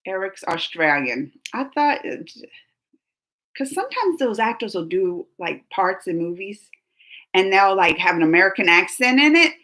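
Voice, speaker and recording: A woman's voice: medium pitch, big pitch swings, moderate pace, fairly bright tone. A woman streamer chatting casually with her viewers, reading chat comments aloud and laughing often.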